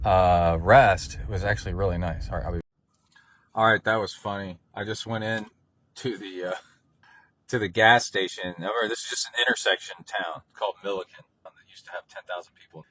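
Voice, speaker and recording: Man, podcast host, casual rambling talk, filler words, lowish voice. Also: fairly even intonation, brisk, fairly bright tone. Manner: rambling, filler-heavy storytelling. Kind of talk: casual chat on the go.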